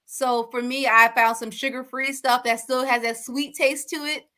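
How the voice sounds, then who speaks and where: A woman coach speaks earnestly about her own experience, in a personal, open way. Her voice is bright and sharp and sits a little high. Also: fairly even intonation, normal speed. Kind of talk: panel chat.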